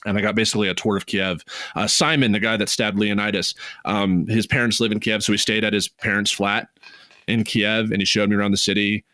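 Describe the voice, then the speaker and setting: A man with a fairly low speaking voice co-hosts a casual podcast and tells an animated story. He swears freely and his voice jumps high with excitement. The sound is dry and close, with no room around it. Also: a little fast, dry recording. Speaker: podcast co-host.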